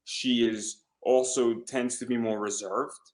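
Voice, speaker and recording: A man's voice: mid-range voice, fairly even intonation, unhurried. A man hosting an interview who stammers and repeats words while talking enthusiastically. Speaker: podcast host. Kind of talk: casual interview chat.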